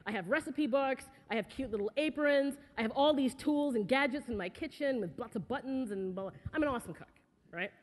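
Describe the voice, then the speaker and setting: Woman speaker, high voice, lively conversational motivational talk on a stage, long hall reverb. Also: brisk, few pauses. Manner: lively, conversational, with asides to the audience. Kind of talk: motivational talk to young people. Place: auditorium stage. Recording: echoey hall.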